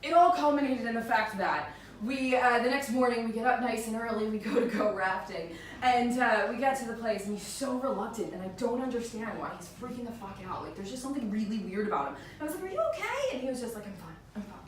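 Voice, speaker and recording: A woman's voice: fairly high pitch, fast, a little hiss or hum. A woman performing live stand-up in a bar venue, telling a story, swearing freely and laughing through her punchlines. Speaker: stand-up comedian. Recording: echoey room recorded from a distance.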